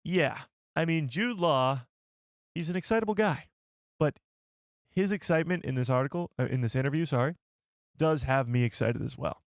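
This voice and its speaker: A man hosting a casual live stream, excitable and rambling as he reads the chat. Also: fairly high pitch, moderate pace, no room sound, clean studio sound.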